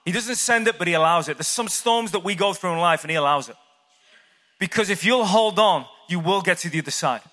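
Bright-voiced male preacher in a reverberant hall. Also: high-pitched, a little fast. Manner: animated storytelling, asks the crowd questions. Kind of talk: sermon.

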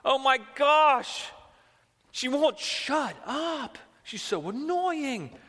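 A pastor voicing exasperated male disciples who complain in a whiny, fed-up way, pitched well above his own voice. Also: expressive, extremely slow, a bit bright, exaggerated voice. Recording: long hall reverb.

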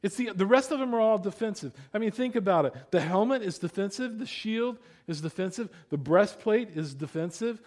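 A man preaching a sermon in a conversational way, sometimes dropping to a hushed voice when retelling stories. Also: sits high, expressive, brisk, few pauses. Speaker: pastor.

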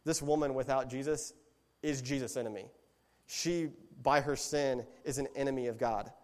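A man's voice: medium pitch, moderate pace. Man preaching in a reverberant hall. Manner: relaxed, storytelling, self-correcting. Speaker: lay preacher. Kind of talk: conversational sermon.

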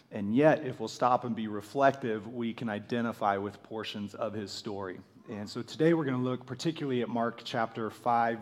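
Man, pastor, sermon, hoarse, nearly voiceless, low and mellow delivery. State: hoarse, nearly losing his voice.

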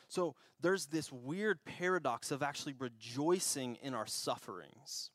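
A young man preaches in a relaxed, storytelling way, laughing at himself and restarting phrases as he goes. His voice sits at an ordinary middle pitch. The sound is dry and close. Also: measured pace, few pauses, dry recording. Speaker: pastor. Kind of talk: sermon. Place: church.

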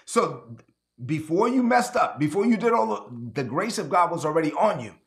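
A man delivering an emphatic sermon as a pastor, his voice sitting a little higher than most men's. He slows down to press home key words and repeats phrases for effect. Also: expressive, vocal fry.

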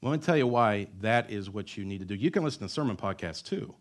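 A man's voice: fairly low pitch, animated, fast. Emphatic, joking male pastor preaching. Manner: emphatic, repetitive, joking asides. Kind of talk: sermon.

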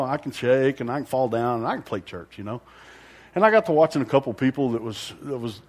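A man telling his personal testimony in a loose, rambling way, with a middling pitch and a plain everyday voice. He pokes fun at himself, laughs along the way and acts out what he was thinking back then. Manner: rambling, self-deprecating, with frequent laughs; acts out his own inner thoughts. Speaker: church member giving a testimony.

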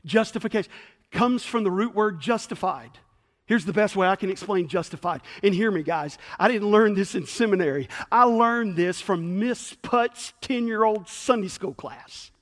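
A man pastor preaching a sermon in a fast, chatty, self-deprecating way with stammered restarts. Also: high-pitched, animated, a bit bright, in a large hall.

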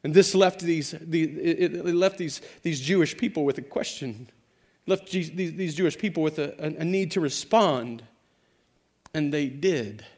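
A man preaching a sermon, moving from hushed, quiet passages to loud, emphatic declarations and slowing to stress key words. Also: a little high. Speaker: pastor.

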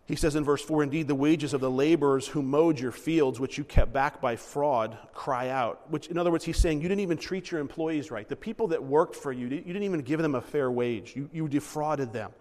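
Pastor preaching in a reverberant hall. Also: male voice, medium pitch, moderate pace, darkish tone. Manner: conversational preaching with acted-out asides and self-corrections. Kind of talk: sermon.

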